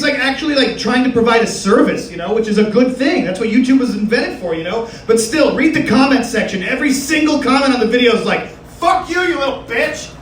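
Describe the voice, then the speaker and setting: Young guy doing stand-up, kinda high voice, roomy club sound, mic a bit far off, swears a lot and rambles. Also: slight background noise. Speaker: stand-up comedian. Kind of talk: stand-up comedy set. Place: live comedy club stage with audience. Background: audience laughter.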